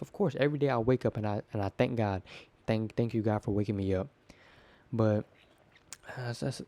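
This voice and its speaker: A man's voice: medium pitch, mellow. A teenage boy hosting his own podcast, talking off the cuff in a rambling way, repeating words and acting out bits of dialogue. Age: teens. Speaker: podcast host. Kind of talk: casual solo podcast monologue.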